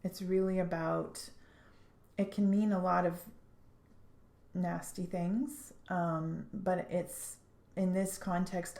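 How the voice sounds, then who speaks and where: A woman giving a spiritual tarot reading in an earnest, halting way, often restarting her sentences. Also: fairly low pitch, creaky, mellow. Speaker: tarot reader. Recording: echoey room.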